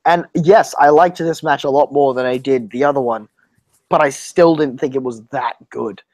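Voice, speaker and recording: With a mid-range, darkish voice at a moderate pace, this young podcast co-host chats casually about wrestling matches. He laughs often and cusses without restraint; there's no room sound.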